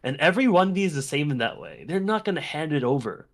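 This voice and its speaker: A man co-hosting a podcast in casual chat, animated and profane, with quick mocking asides. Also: fairly high pitch. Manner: animated, swears, laughs, mocks types in quoted voices. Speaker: podcast co-host.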